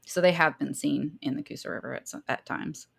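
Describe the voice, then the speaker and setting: A woman with a Southern American accent co-hosts a casual podcast, reading through her research in a low-pitched voice. She is chatty and laughs easily, and now and then she trips over a difficult word. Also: a little fast, creaky, husky. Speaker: podcast co-host.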